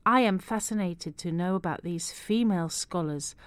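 A woman's voice: fairly low pitch, moderate pace, dry recording. Woman radio host, dry close mic. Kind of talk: radio talk show hosting.

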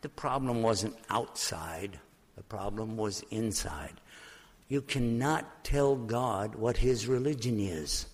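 An older man preaching in a storytelling sermon, animated and then hushed when he speaks of prayer. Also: lowish voice, takes it slowly. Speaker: preacher telling his conversion story.

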